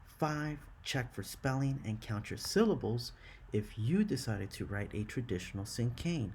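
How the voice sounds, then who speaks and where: Male teacher, mid pitch, slow and encouraging, classroom lesson. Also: animated, darkish tone, a little hiss or hum. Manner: slow and encouraging, counts syllables aloud.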